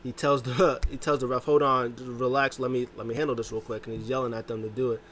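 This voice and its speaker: A man talks through last night's wrestling in a loose, casual recap, his pitch leaping up whenever he quotes someone. There's a faint hiss of noise under the recording. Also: fast. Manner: animated retelling, jumps pitch to quote wrestlers. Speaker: wrestling show recap host.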